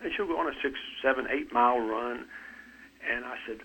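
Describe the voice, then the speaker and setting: This man in his seventies has a forceful, bright voice with a raspy edge. He talks earnestly as an interview guest, stumbling over and repeating words as he gets going. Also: medium pitch, fairly quick, low-quality recording. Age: 70s. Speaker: author and fitness guest. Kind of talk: conversational interview.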